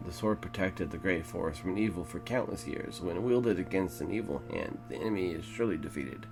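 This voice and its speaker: A man's voice: low voice, brisk, music in the background. A man voicing a pleading, frantic old village man with a rattling, British-sounding voice. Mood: urgent.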